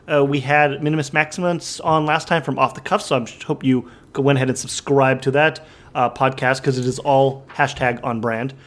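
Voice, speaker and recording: A man's voice: mid-range voice, steady tone, moderate pace, a bit bright. A man co-hosting a comedy podcast, cracking wry jokes and reading out announcements in casual banter. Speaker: podcast co-host.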